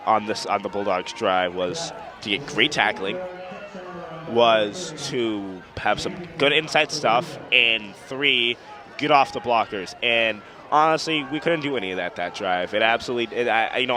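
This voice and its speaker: A young man doing color commentary for a high school football team, rambling, emotional and openly partisan. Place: outdoor football stadium. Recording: crowd noise at outdoor stadium.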